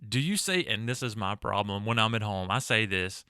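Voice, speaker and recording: A man's voice: on the low side, animated, normal speed, sharp tone, smooth, no room sound, clean studio sound. A man with a Southern US accent giving a recorded college lecture on voice. He talks conversationally, asks the listener rhetorical questions and demonstrates mispronunciations himself. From American South. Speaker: college instructor.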